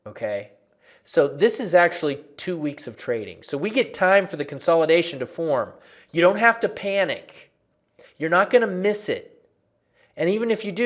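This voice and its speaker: A man walking viewers through trading charts in a lively, conversational lesson, often repeating phrases for emphasis. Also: fairly high pitch. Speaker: trading educator.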